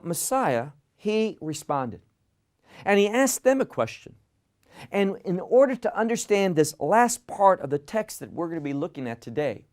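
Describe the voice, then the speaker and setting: A man teaching a Bible lesson in sermon style, emphatic, repeating words for stress and asking rhetorical questions. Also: mid-range voice.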